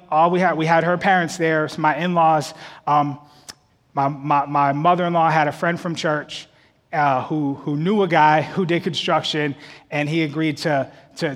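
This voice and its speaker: High-voiced man preaching in an echoing hall. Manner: storytelling, builds to loud shouting peaks. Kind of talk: sermon with personal story.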